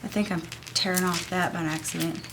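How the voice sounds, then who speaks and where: A woman's voice: on the low side, fairly even intonation, a little fast, noisy background. A woman, sniffly, chattily teaching an art journaling craft technique while she works at home. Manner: chatty and gushing, talks while working. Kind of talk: casual craft tutorial.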